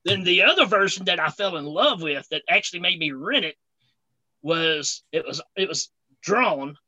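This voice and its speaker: A man co-hosting a casual chat, an animated storyteller who tells a long joke. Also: high voice, moderate pace, no room sound, muffled recording.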